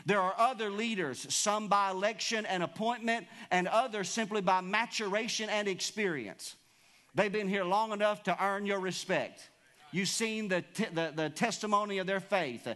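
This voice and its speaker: A pastor delivers an emphatic sermon, calling out to his congregation. His voice sits high for a man. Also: fairly bright tone. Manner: preachy, emphatic, calls out to congregation.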